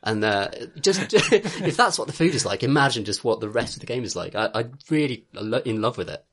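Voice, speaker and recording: A man's voice: medium pitch, expressive, a little fast, fairly bright tone. A young man co-hosting a casual podcast chat, rambling with lots of fillers and laughter. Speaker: podcast co-host.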